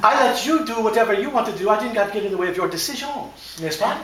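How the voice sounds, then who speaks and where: A man's voice: high-pitched, expressive, fast, a bit bright, pitched above the performer's own voice. Suave suitcase with a put-on French accent, played playfully by a male speaker; far-off hall sound. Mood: teasing. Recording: echoey hall from far off, noisy.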